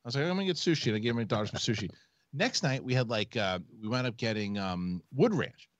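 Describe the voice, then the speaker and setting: A man's voice: lowish voice, quick pace, dry recording. A man in his forties hosting a casual comedic chat show, telling family stories with lots of swearing and acted-out quotes. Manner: animated storyteller, swears freely, acts out quotes. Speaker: podcast host.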